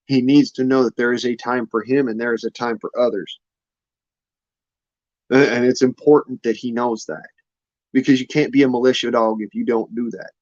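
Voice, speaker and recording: A folksy man rambles on in a loose, drawling way and swears freely. His voice sits at an ordinary pitch. The recording is dull and dry, with no room sound. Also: fairly even intonation, normal speed, darkish tone, dry recording. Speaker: vlogger. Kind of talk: casual rambling monologue.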